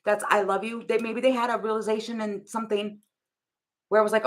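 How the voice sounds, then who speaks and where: A woman's voice: fairly high pitch, fairly even intonation, a little fast. A young woman giving a casual tarot reading to camera, rambling and laughing often as she thinks aloud. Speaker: tarot reader.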